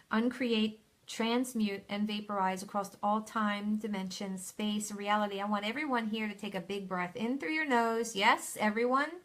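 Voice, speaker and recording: A woman hosting a live question-and-answer stream as a spiritual coach, speaking soothingly, calling viewers by name and reading their comments aloud, from home. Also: medium pitch. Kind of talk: live-stream advice session.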